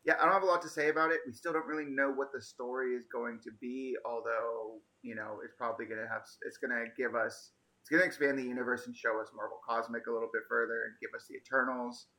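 A man hosts a relaxed conversation with friends in a bright, forceful voice. He sounds animated and quick to laugh as he steers from one topic to the next. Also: mid-range voice, poor audio. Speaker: podcast host. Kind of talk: casual chat.

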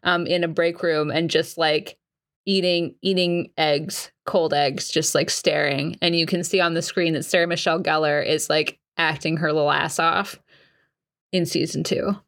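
A woman's voice: deep voice, moderate pace. A woman running a tabletop game as game master, describing scenes in a rambling, filler-heavy way. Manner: rambling, filler-heavy, animated put-on voices. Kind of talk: casual tabletop role-play narration.

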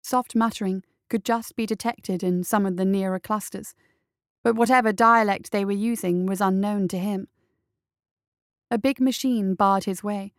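A woman's voice: medium pitch, fairly even intonation, dry recording. Woman reading a story in a dry, close voice. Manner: measured, deliberate reading. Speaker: story reader. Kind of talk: scripted narration of a fantasy story.

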